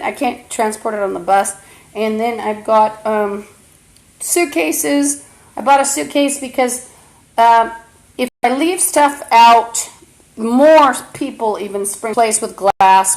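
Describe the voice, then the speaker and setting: Agitated high-voiced woman ranting. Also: a little hiss or hum, poor audio. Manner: agitated, profane, rambling with many fillers. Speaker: livestreamer. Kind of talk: rambling livestream monologue. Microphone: phone or camera mic.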